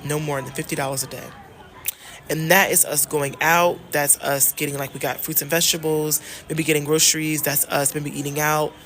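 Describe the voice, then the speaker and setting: A woman from the United States chatting casually in a travel vlog, animated and emphatic, repeating phrases and talking straight to her viewers. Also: low voice, moderate pace, a little hiss or hum. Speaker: travel vlogger and love coach.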